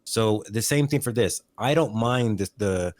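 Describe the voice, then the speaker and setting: A man co-hosting a podcast in casual chat, giving opinions in a measured way and repeating words as he thinks. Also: lowish voice, dry recording. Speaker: podcast co-host.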